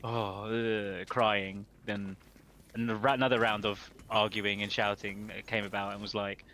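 A man's voice: flat delivery, a little slow, sharp tone, a little hiss or hum. A man chatting casually while gaming with friends, swearing and teasing them. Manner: swears a lot, teasing, bursts into high laughs. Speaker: gaming stream squad member.

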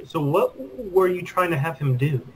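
A man playing a tabletop game, asking questions quickly with hesitant uhs. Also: a little high, slight background noise, poor audio. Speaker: player. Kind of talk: casual tabletop play.

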